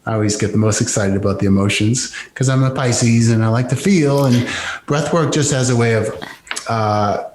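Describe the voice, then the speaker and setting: A man's voice: medium pitch, normal speed, a little mellow. Male guest coach, enthusiastic, earnest; roomy recording. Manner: enthusiastic, earnest, occasional swearing. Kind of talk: casual interview talk.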